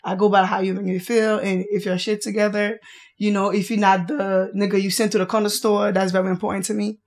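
A young Haitian woman with a Haitian accent appears as a podcast guest, chatting bluntly, frankly and playfully in quick bursts. Her mid-range voice has a darkish tone and little pitch movement.

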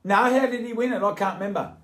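Australian man, radio host, casual chat, short chatty questions, very high voice. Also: fast, a bit bright.

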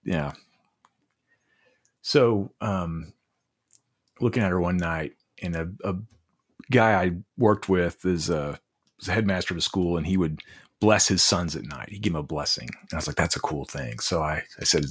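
A man in his forties with a very low, husky voice, speaking close to a dry mic. He tells earnest, halting stories as a guest, often restarting his sentences. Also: fairly bright tone, no echo. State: emotional. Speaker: podcast guest. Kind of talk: reflective storytelling.

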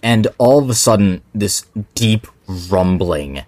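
Lively young man running a tabletop game. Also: lowish voice, takes it slowly, slight background noise. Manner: animated, descriptive narration. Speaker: game master.

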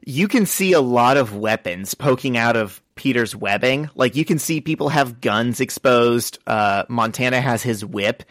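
A man in the middle of a chatty comic book recap, reading the dialogue from each panel aloud for his co-host. His voice sits at an ordinary pitch. It is recorded close and dry with no room sound. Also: animated, unhurried, few pauses, fairly bright tone, no echo. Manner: retells scenes, reading quoted lines aloud. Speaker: podcast co-host.

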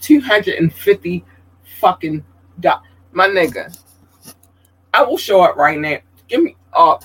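On a casual livestream podcast, a male host talks straight to his viewers and reads out their comments, chatty and expressive, his voice jumping high when he gets excited. He speaks a little slowly with frequent pauses and a breathy edge, and the audio quality is poor.

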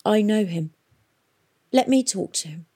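A woman's voice: mid-range voice, lively intonation, a little slow, warm tone, husky, pitched above the performer's own voice, heavily acted. A woman voicing a fierce young woman fugitive in an audiobook, with a thin, brittle, tense manner. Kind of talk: audiobook reading.

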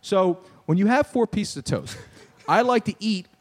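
Animated young man ranting with laughs. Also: sits high, a little slow. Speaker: podcast host. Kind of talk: casual sports talk banter.

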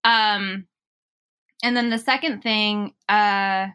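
Bright-voiced chatty woman. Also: medium pitch, fairly even intonation, slow, clean tone. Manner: rambling, self-interrupting, laughs often. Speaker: podcast guest. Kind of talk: casual conversation.

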